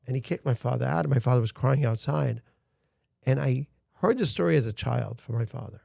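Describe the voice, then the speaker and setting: Middle-aged male guest, gravelly, earnest storyteller, dry close sound. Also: medium pitch, brisk, mellow, no room sound. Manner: earnest storytelling, frequent restarts. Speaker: guest, founder of a rescue organization. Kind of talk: casual interview talk.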